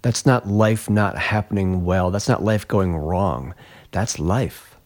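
Earnest low-voiced man telling his story. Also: takes it slowly. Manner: earnest, reflective, lively when retelling stories. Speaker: guest; glassblower. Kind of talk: emotional personal storytelling.

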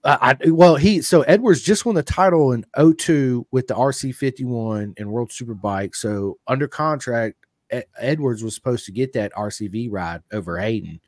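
A middle-aged man hosts a podcast, chatting in a casual interview with the rambling enthusiasm of a fan. His mid-range voice is a little mellow at normal speed, with no room sound.

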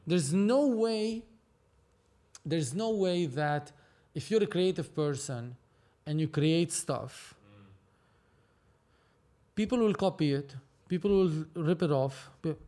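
A Lebanese man appears as a podcast guest, speaking animatedly in a high-sitting, darkish voice. It's a casual conversation, and he repeats himself as he goes.

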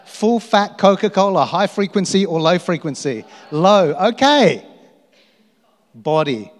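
Casting: middle-aged male pastor, slightly high voice, self-mocking storyteller, long hall reverb. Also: lively intonation, moderate pace. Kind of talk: sermon.

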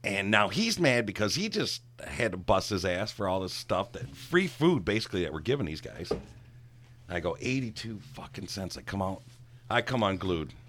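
Speaking at an even pace in a lowish voice, a middle-aged guest who once tended bar wanders through a lengthy, profane anecdote from those years during a relaxed chat. He livens up when riled, with slight hiss or hum on the track.

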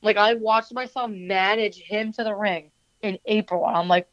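In a somewhat bright, medium-pitched voice at a moderate pace, a New Jersey woman with the matching accent answers interview questions casually. She's a wrestler and manager who rambles chattily, full of fillers and restarts, and the audio is dull with no echo.

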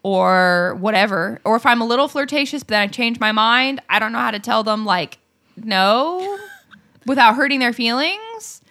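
Brief: young woman podcast co-host, bright and forceful voice, lively chatty storyteller who laughs easily and curses. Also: a little high, moderate pace. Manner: animated storyteller, laughs often, swears freely. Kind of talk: casual chat.

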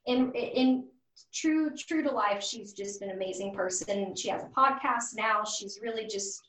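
A young adult woman, an anxiety coach guesting on a podcast, talking in an energetic, chatty way. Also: mid-range voice, measured pace. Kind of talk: casual podcast interview. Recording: echoey and distant from the mic.

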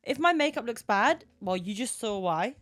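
A young British woman co-hosting a podcast, chatting casually, laughing, swearing and complaining loudly. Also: on the high side, lively intonation, moderate pace. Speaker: podcast co-host. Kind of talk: casual chat.

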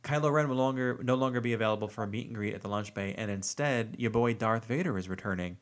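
A man's voice: fairly low pitch, quick pace. A man co-hosting a casual podcast, sharing park news with eager enthusiasm and frequent ums. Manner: enthusiastic, hesitant with ums and restarts. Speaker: podcast co-host.

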